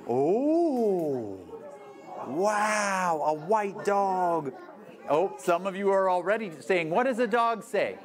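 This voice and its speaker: A woman children's librarian leading a toddler storytime, reading a picture book aloud and singing in a slow, sing-song voice. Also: on the low side, animated.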